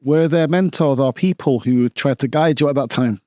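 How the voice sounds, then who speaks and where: A man's voice: mid-range voice, normal speed, warm tone, dry recording, clean studio sound. A man hosting a podcast interview, asking brief questions. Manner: brief affirmations and short questions. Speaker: podcast host.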